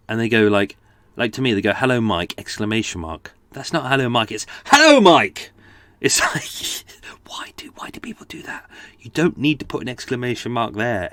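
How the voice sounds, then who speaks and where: A man's voice: mid-range voice, dry recording. A man hosting a true-crime podcast, talking casually with jokey, rambling asides. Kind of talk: casual chat.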